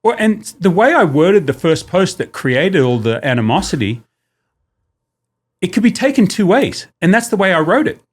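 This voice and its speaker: A man's voice: high voice, very animated, moderate pace. A man talking casually as a returning podcast guest, joking and working through examples with shifting emphasis. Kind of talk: casual chat.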